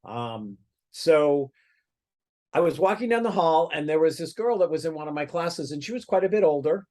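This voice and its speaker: A man's voice: on the high side, lively intonation, moderate pace, a little mellow. A man, a psychic medium guest on a podcast, telling a personal story casually, with many fillers and restarts.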